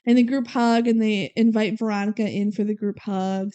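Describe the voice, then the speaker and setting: A woman's voice: medium pitch, steady tone, normal speed, dark tone, clean tone. A young woman co-hosting a podcast, casually recapping a movie and acting out the characters' lines. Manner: retells scenes with quoted character lines, frequent "like" and "um". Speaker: podcast co-host.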